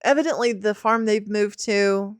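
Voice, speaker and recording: A woman in a relaxed chat about films who slips into little acted-out quotes as she talks. The sound is dry and close, with no room echo. Her voice sits at an ordinary pitch for a woman. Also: moderate pace, clear, resonant tone. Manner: chatty, acts out quotes. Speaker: podcast co-host. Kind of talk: casual chat about movies.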